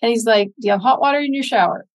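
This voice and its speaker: A woman's voice: on the high side, very fast, rough recording. An older American woman, a public speaker, talking earnestly and encouragingly in an interview, acting out her own inner dialogues. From United States. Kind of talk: interview talk.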